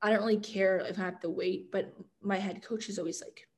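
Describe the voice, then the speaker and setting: A young woman from Canada, talking as a guest in a relaxed interview. She tells her stories in a chatty, animated way, with frequent fillers and quick restarts, her voice at an ordinary middle pitch. A faint hiss of background noise sits under her speech. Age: young adult. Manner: chatty, filler-heavy, animated storytelling with laughs. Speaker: guest, college football kicker. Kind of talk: casual storytelling interview.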